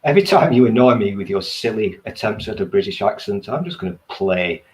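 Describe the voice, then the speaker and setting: Lively low-voiced man, sarcastic. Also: a little fast, rough recording. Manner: sarcastic, teasing. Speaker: podcast co-host. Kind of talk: casual chat.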